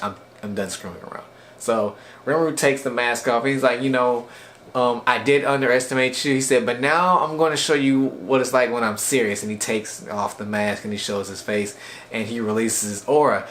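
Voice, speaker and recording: A man's voice: mid-range voice, fairly bright tone. Guy rambling thru an anime recap, lots of restarts, bit of hiss behind. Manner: rambling, halting, many restarts and fillers. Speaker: anime reviewer. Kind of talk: casual episode recap.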